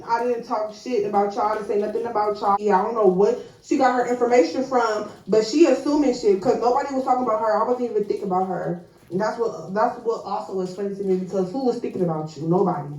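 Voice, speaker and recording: A woman's voice: on the high side, darkish tone, echoey room. Blunt, profane young woman ranting. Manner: blunt, profane, retelling texts in a heated voice. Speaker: YouTuber telling a story. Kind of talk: casual storytime vlog.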